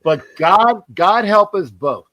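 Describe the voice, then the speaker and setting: A man's voice: high voice, lively intonation, slow, lo-fi sound, slight background noise. A man hosting a casual sports talk show, rambling, repeating words and joking. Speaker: host.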